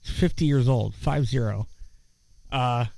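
A man hosting a casual chat show, talking in a relaxed way with many fillers and restarts. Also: medium pitch, measured pace, gravelly, no echo.

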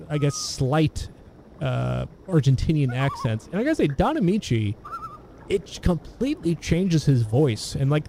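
A man's voice: on the high side, dark tone, slight background noise. A man chatting casually about old films, rambling with many restarts and fillers. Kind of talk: casual film discussion.

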